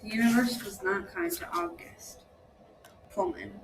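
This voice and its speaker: A woman's voice: medium pitch, measured pace, close to an everyday voice. A woman reading aloud, voicing a confident teenage girl who chats in a breezy way. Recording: steady background noise.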